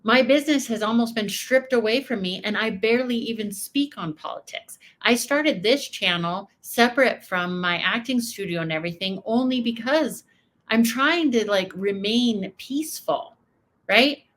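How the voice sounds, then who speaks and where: A woman in her thirties hosting a reaction video, talking in an emphatic, animated way. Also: on the high side, moderate pace. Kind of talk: casual commentary.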